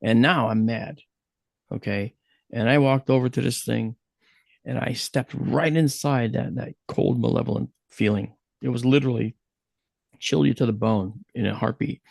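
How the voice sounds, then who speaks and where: A man from the USA telling a personal story in an online talk, acting out his own quotes with lively shifts. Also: mid-range voice, moderate pace, vocal fry, no room sound. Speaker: guest speaker.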